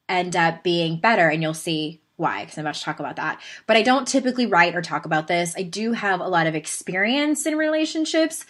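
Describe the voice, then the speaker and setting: A woman in her thirties with a Southern California accent hosts her podcast as a casual monologue. She tells stories in a chatty, animated way with laughing asides. Her voice sits a little low for a woman. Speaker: podcast host.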